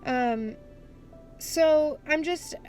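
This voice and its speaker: A young woman with a slightly high voice, chatting candidly to camera. She swears freely. Faint music plays behind her outdoors. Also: extremely slow, darkish tone. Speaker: vlogger. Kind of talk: casual vlog chat. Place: outdoors at a skate spot.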